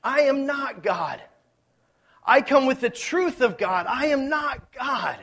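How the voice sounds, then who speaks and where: A man preaching, voicing the apostle Paul as he grieves and protests, slow and emphatic. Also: extremely high pitch, animated, a bit bright, pitched above the performer's own voice, full character voice. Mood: anguished.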